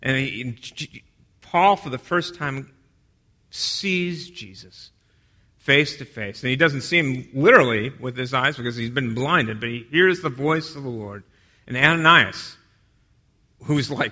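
A man preaching a sermon, moving from emphatic delivery to quiet, hushed retellings of scripture scenes. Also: mid-range voice, measured pace. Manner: dynamic, drops to a hush for quoted lines.

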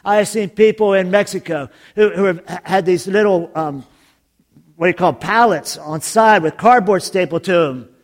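Animated high-voiced male pastor preaching. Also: moderate pace. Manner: joking, animated storytelling with laughs. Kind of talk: sermon.

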